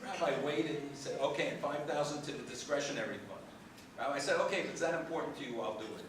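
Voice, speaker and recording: A man's voice: on the high side, fast, music in the background. A man at a tribute event telling a joke to an audience, playing both sides of the dialogue. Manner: lively storyteller voicing both sides of a joke. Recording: echoey hall, distant mic, background noise.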